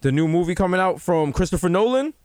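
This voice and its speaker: Young guy cohosting a podcast, goofy riffs, pitch all over the place, dry close mic. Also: no room sound. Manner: animated, acts out voices in quick riffs. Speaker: podcast co-host. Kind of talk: casual comedic banter.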